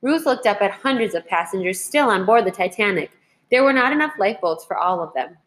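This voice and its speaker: A woman teacher reading a children's history book aloud in a clear, measured way. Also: medium pitch, animated.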